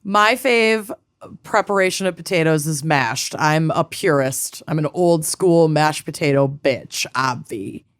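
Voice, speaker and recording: A woman's voice: low voice, a little slow, dry recording, studio quality. A woman co-hosting a podcast in casual chat, talkative and blunt, swearing freely. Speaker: podcast co-host.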